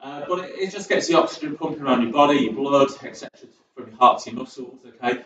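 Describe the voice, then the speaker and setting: A man's voice: medium pitch, fast talker. A young man coaches a seated exercise class in a chatty, encouraging way, drifting into rambling asides. He sounds distant from the mic in an echoey sports hall, and the recording is dull with a faint hiss. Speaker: fitness instructor. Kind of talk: chair exercise class instruction. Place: community sports centre.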